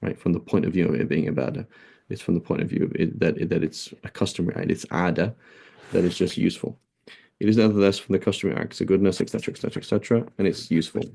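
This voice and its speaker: An Islamic teacher gives a conversational religious lesson, explaining points in English sprinkled with Arabic terms and frequently checking in with a rhetorical "right?". His low voice is steady, creaky and mellow with a breathy edge, and he talks rapid-fire.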